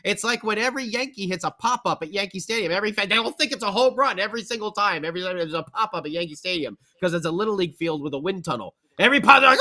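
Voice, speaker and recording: A man co-hosting a podcast, recapping a hockey game in a casual, rambling and excitable way. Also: high voice, fast talker. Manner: excitable, rambling, animated storytelling. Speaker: podcast co-host.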